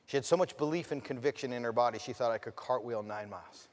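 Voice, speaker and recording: A man telling a personal story as a motivational speaker, swinging between loud, fired-up bursts and hushed passages, and asking the audience direct questions. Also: medium pitch, expressive, fast talker, few pauses, big-room sound. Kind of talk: storytelling keynote speech.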